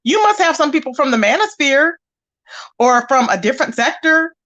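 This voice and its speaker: Sassy high-voiced woman livestreamer. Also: moderate pace. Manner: animated, sassy, addresses viewers as child and baby. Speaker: livestream host. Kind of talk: casual livestream commentary.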